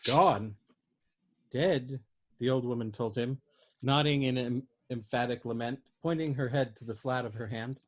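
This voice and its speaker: A man narrating a novel aloud at a steady storytelling pace, with the odd throat clear and slip. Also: mid-range voice, moderate pace. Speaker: audiobook reader.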